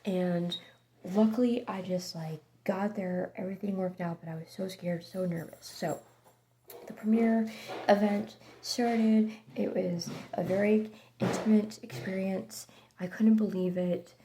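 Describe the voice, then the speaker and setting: A woman telling a casual storytime, chatty and excitable, her voice drifting between hushed and loud. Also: mid-range voice, measured pace, a little hiss or hum.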